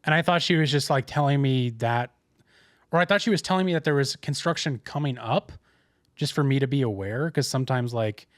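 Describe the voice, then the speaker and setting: A man's voice: medium pitch, a little fast, no room sound. Young guy on a podcast, rambling story, lots of restarts, dry close sound. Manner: rambling storyteller, many restarts and quoted asides. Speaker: podcast co-host. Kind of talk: casual chat.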